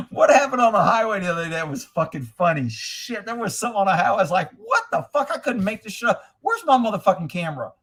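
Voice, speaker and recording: A man's voice: high voice, very animated, fast talker, fairly bright tone. Profane man chatting on a livestream. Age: middle-aged. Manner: crude, blunt, joking, reads comments aloud. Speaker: livestream host reading chat. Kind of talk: casual profane livestream chat.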